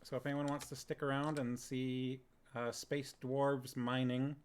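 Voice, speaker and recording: A man's voice: medium pitch, little pitch movement, unhurried, a little hiss or hum. A man streaming a book reading, casually chatting with his viewers, laughing often and reading their comments aloud.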